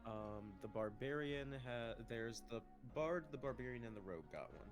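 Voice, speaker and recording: A man chatting casually on a group call, rambling with plenty of ums and restarts. His pitch swings widely as he talks. Clear music plays behind him the whole time. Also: expressive, moderate pace. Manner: rambling, many ums and self-corrections. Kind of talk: casual chat.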